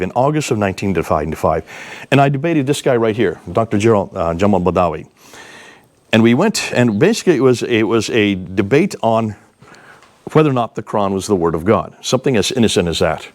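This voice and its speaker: A man in his sixties giving a seminar talk, telling lively, emphatic anecdotes to a live audience. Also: on the low side, a little fast. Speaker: seminar speaker. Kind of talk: animated storytelling lecture.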